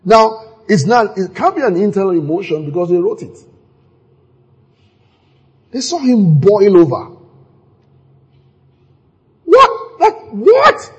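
A man preaching a sermon, animated and acting out scenes with sudden exclamations, his voice very husky. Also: high-pitched, unhurried, pauses often.

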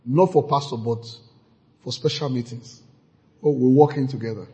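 A man preaching a sermon, lively and playful, acting out church members in mocking voices. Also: mid-range voice, moderate pace, a faint crowd, slight background noise. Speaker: pastor.

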